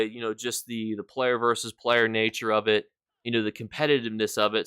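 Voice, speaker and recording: A man talks loosely to his stream audience, wandering through his thoughts with lots of fillers. His voice is smooth and clear at a middle pitch. It sits close and dry on the mic. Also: a bit bright, no echo. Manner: chatty, rambling, thanks viewers between points. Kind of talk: casual live-stream chat.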